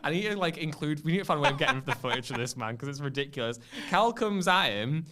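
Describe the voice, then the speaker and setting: Animated young man, smooth clear voice. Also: a little high, quick pace. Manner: animated storyteller who acts out scenes. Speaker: podcast co-host. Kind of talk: casual chat.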